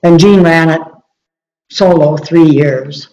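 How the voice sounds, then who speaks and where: A woman's voice: low voice, slow, warm tone, lo-fi sound. An older woman, a guest telling stories in a casual interview and laughing often. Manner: chatty storyteller, laughs often. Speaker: guest, race organizer.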